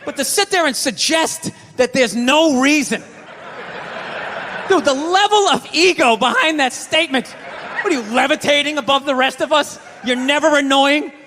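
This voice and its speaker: A man with a Boston accent doing a stand-up comedy set, ranting sarcastically and swinging from low mutters to yelled bits. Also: moderate pace, slight background noise. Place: comedy club stage. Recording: reverberant venue with crowd laughter. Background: audience laughter.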